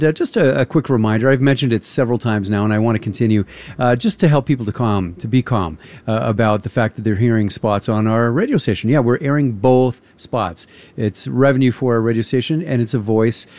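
A man's voice: medium pitch, darkish tone, no echo. A man, hosting a radio show in casual on-air chat, rambling with lots of fillers. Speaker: radio host. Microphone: studio microphone.

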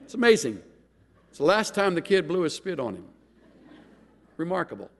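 A middle-aged man preaching a sermon as pastor, an animated storyteller who acts out quoted lines with big jumps in pitch. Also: normal speed. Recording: long hall reverb.

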